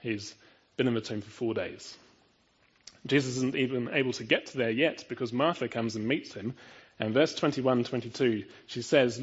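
Husky-voiced man preaching a sermon. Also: medium pitch, normal speed, muffled recording. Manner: earnest, emphatic, rhetorical questions to listeners.

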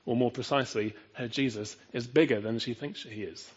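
A man's voice: mid-range voice, fairly even intonation, fairly quick, slightly rough, dull audio. A man preaching a sermon in an earnest, emphatic way, often asking his listeners rhetorical questions.

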